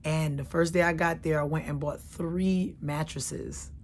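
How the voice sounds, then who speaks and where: Low-voiced woman telling a candid personal story. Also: fairly even intonation, measured pace, a little hiss or hum. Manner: candid, emotional, swings between hushed and loud.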